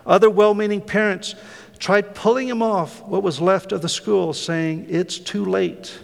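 A man's voice: sits high, normal speed, creaky, big-room sound. A man preaching a sermon, telling a story with passion and many fillers, then leading a prayer. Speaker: pastor.

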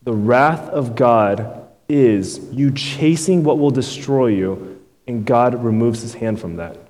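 A man's voice: mid-range voice, animated, slow, darkish tone, big-room sound. A male pastor delivering a sermon in a loose, conversational way, often checking in with his listeners. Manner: conversational preaching, keeps tagging "right?" and "man".

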